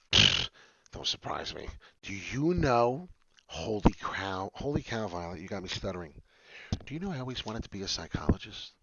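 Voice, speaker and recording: A man hosting a trading tutorial livestream, talking in an excitable, rambling and self-deprecating way and drifting off topic. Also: deep voice, dull audio, noisy background. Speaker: trading channel host.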